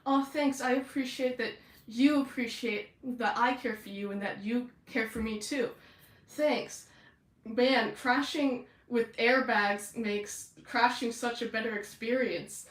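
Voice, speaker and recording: A woman's voice: a little high, steady tone, unhurried, roomy sound, voice pushed up, close to an everyday voice. A woman voicing two male merfolk police officers, tough bros who talk earnestly and cheerfully support each other. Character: two sweet, mutually admiring bro mer-police officers.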